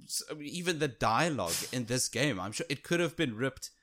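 Bright-voiced enthusiastic male podcaster. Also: mid-range voice, lively intonation. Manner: enthusiastic, halting with fillers. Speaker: podcast co-host. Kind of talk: casual chat.

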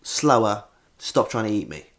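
A man's voice: lowish voice, big pitch swings, fairly bright tone. A man co-hosting a comedy podcast, rambling through funny anecdotes in casual chat. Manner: rambling anecdotes, quick jokes. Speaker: podcast co-host.

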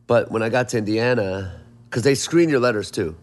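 A songwriter and producer, appearing as an interview guest, tells stories in a casual, rambling, profane way with many restarts. His voice is fairly low in pitch, and he talks a little fast.

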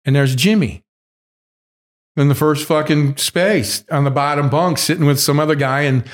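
A man's voice: on the high side, moderate pace. Profane man telling a rambling story. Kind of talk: casual storytelling.

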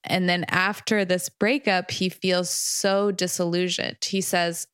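A woman co-hosting a podcast, recounting a book in a relaxed, chatty way with frequent laughter. She speaks very slowly in a lowish voice, recorded dry and close with no room echo. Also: clean tone. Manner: unhurried, laughs often while telling. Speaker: podcast co-host. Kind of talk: casual chat, recounting a book.

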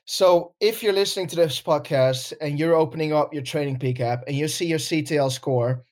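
A man's voice: on the high side, fairly quick, darkish tone. A man co-hosting a podcast, chatting casually, laughing often and swearing now and then. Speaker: podcast co-host.

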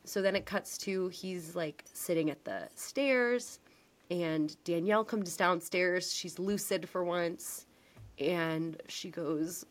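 A woman's voice: lowish voice, slow pace. A young woman co-hosting a podcast, chatting casually and acting out lines as she recaps a TV episode. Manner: animated storyteller, acts out quotes. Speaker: podcast co-host.

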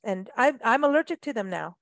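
Radio host lady, talky and animated, crisp dry sound. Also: on the high side, a little fast, no echo. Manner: chatty, animated, tags questions with "you know?". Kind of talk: casual radio chat.

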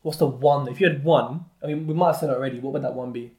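A man's voice: mid-range voice, fast talker, darkish tone, roomy sound. A man hosting a podcast, asking questions in an encouraging, casual way. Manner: encouraging interviewer. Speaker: podcast host.

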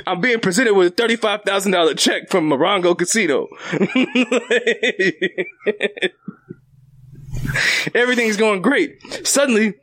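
A young man co-hosting a comedy podcast, telling a story in an animated way, laughing often and swearing freely. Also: sits high, slow pace. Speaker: podcast co-host. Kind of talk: casual comedy podcast banter.

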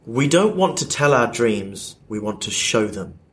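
Guy hosting a podcast quiz, playful, jokey, laughs a lot, ordinary middle pitch. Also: big pitch swings, measured pace. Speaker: podcast host running a quiz. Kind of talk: casual chat, reading out quiz questions.

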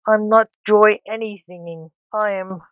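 A woman's voice: mid-range voice, unhurried, smooth, dry recording, natural voice. A woman voicing a grumpy, ageless male magician who snaps at his family, recorded dry. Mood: irritable. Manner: calm then snappish and irritable.

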